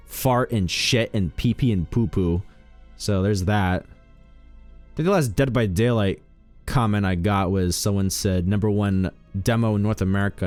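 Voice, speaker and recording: A man casually commenting while streaming a game, joking with chat and shooting up into high exclamations.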